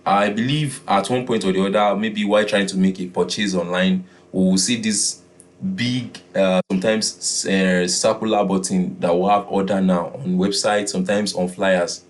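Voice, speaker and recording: A man teaching a beginners' design class, often repeating his key points and pausing with "uh". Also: deep voice, steady tone. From Nigeria. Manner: repeats key phrases, filler "uh". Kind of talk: classroom lesson.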